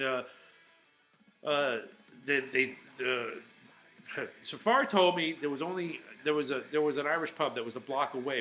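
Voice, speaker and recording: A chatty man rambles through a casual vlog, full of fillers and restarts. His voice is bright and forceful at a medium pitch, and faint music plays behind him. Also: rough recording. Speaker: vlogger.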